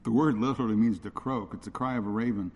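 A man's voice: lowish voice, fast, a little mellow, muffled recording. A man preaching an expository sermon, earnest and repeating his points for emphasis. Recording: long reverb of a large hall.

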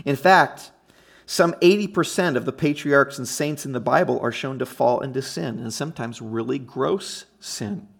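A man's voice: mid-range voice, normal speed, creaky, breathy edge. A man preaching a conversational teaching sermon, emphatic and often checking in with his listeners. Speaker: pastor.

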